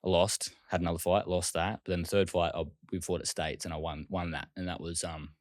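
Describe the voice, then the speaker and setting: Fast-talking deep-voiced Australian man. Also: flat delivery, no echo, clean studio sound. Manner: rapid, loose, swearing, many fillers. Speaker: interview guest. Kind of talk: casual storytelling interview.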